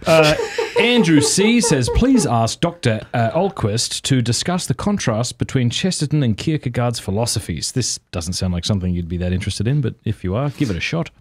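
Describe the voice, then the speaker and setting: A man's voice: medium pitch, very animated, normal speed, few pauses, slight background noise. A man hosting an interview, trading jokes casually and reading out listener questions. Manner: playful, chuckling, reads listener questions. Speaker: podcast host.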